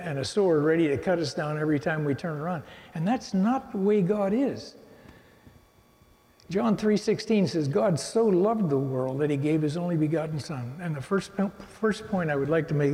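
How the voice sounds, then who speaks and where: A man's voice: a little high, warm tone. An older man giving a rambling church testimony, telling his life story with many restarts. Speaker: guest speaker giving testimony. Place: church sanctuary. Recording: reverberant hall.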